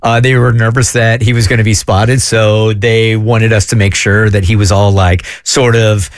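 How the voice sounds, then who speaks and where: A radio co-host with a mid-pitched voice, chatting playfully and teasing. The voice is recorded close in a dry studio. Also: flat delivery, moderate pace, no echo. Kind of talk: casual chat.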